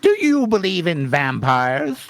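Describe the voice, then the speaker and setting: A man voicing a cocky male coyote vampire slayer in a comedic fanfiction table read, with a slow, puffed-up drawl. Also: fairly high pitch, big pitch swings. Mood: boastful.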